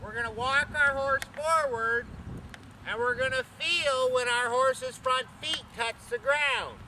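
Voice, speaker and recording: Man, riding instructor, very high voice, sharp bright tone, counts strides out loud, outdoors on horseback. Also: slow pace, slight background noise. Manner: counts strides aloud, checks in with "okay?". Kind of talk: instructional talk while riding.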